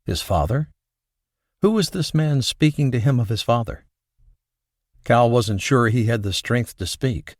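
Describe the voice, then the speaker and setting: A male audiobook narrator telling a thriller in a steady, even way at a middle pitch. The recording is close and dry, with no room sound at all. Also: unhurried, long pauses, dry recording. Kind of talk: scripted narration.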